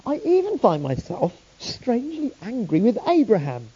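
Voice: mid-range voice, very animated, moderate pace, hardly any pauses, dark tone, breathy edge. A preacher giving a sermon, telling the story with earnest rhetorical questions, on a dull lo-fi recording.

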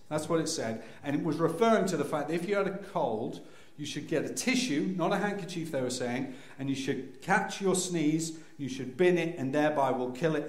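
A man telling a humorous personal story to an audience, acting out scenes with sudden loud cries. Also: on the high side. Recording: echoey room.

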